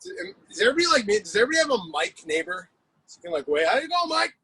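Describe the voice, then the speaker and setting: Amid background noise, a man with a high-pitched, very animated voice races through a live-streamed workout class. As the fitness coach, he calls out exercises, cues and countdowns with lots of energy.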